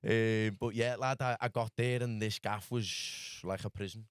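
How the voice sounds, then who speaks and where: Rambling Scouse lad telling a story. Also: male voice, lowish voice, fairly even intonation, unhurried, smooth, dry recording, clean studio sound. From Liverpool, England. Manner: rambling, full of "lad" and "do you know what I mean". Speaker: guest. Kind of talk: casual storytelling.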